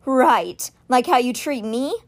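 A woman's voice: fairly high pitch, animated, slow. A woman voicing an angry, defiant young male wizard confronting his brother, bitter and heated.

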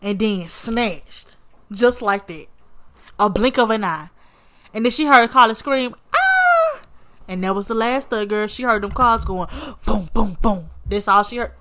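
A woman's voice: medium pitch, moderate pace, noisy background. A woman hosting her show and telling a story in casual, sassy commentary, cursing and calling her listener honey and baby. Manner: sassy, animated, swears freely, calls listener honey and baby. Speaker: podcast host.

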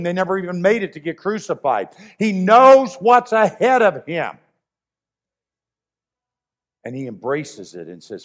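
Man, high-pitched voice, sermon, earnest, emphatic, repeats key lines. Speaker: preacher.

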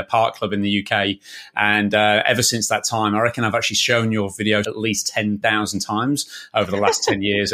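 Eager podcast host, man, low-ish tone, bright edge. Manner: enthusiastic, effusive. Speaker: podcast host and swim coach. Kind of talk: podcast interview.

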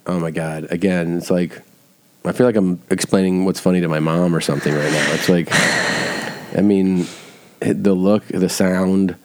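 A man's voice: low voice, steady tone, a little slow. A man co-hosting a casual podcast, laughing and incredulous as he defends his sense of humor. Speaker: podcast co-host. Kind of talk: casual chat.

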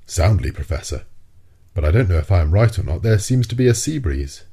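A man putting on a gruff, impatient harpooner. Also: low voice, big pitch swings, fairly quick, warm tone, heavily acted. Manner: blunt and impatient. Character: gruff impatient male harpooner, burly and hot-tempered.

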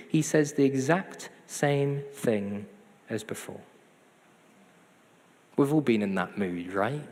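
Man preaching in a reverberant hall. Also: mid-range voice. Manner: conversational, self-deprecating humor. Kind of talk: sermon.

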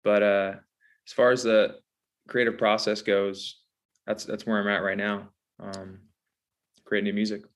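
A man's voice: fairly low pitch, little pitch movement, unhurried, pauses often. A man from Southern California, a songwriter guest, talking easygoing with many fillers. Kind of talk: casual interview chat.

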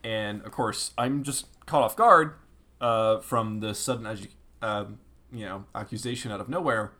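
A young man co-hosting a podcast, telling a long story in casual chat, animated, with lots of fillers and acted-out quotes. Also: lowish voice, moderate pace.

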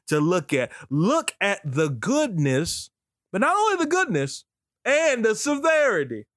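A man's voice: no echo, clean studio sound. Exuberant man preaching, whooping. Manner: exclamatory, preaching cadence with sudden high whoops. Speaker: preacher and podcast host.

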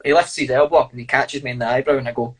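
A man with a husky, slightly rough voice, chatting as an interview guest. He tells blunt, sweary stories in a relaxed, laughing way. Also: medium pitch, rapid-fire, rough recording. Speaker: fighter and guest. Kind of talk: casual storytelling interview.

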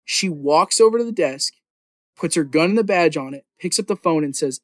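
A man's voice: fairly high pitch, animated, normal speed, a bit bright, no echo. A man hosting a casual podcast, recapping a TV series in a rambling, profane, enthusiastic way with many fillers. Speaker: podcast host recapping a TV show.

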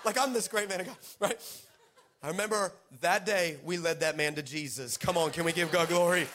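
Pastor, male, high bright voice, animated storyteller who breaks into shouts. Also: fairly quick. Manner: animated, laughs through stories, rises to shouting exhortation. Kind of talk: sermon with storytelling. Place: church service.

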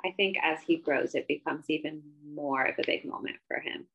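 A gravelly-voiced woman podcast host, emphatic. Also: sits low, a little fast, lo-fi sound. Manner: animated and emphatic, rising sharply when worked up. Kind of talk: casual book-discussion chat.

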